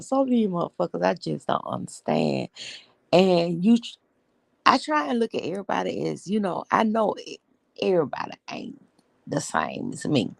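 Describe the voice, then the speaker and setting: A woman's voice: lowish voice, gravelly, no echo. A woman hosting a casual live stream, telling stories bluntly and with profanity as she greets viewers.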